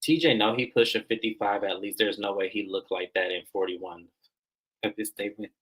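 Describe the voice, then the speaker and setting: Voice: deep voice, fairly quick, a bit bright, poor audio. A reality TV recap host giving casual, sassy commentary and repeating phrases for emphasis.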